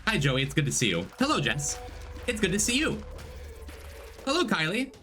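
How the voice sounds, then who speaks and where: Lively male streamer, excited greetings. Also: normal speed, soft background music. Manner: animated, jumps into excited high greetings. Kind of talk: casual game-stream chat. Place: home room.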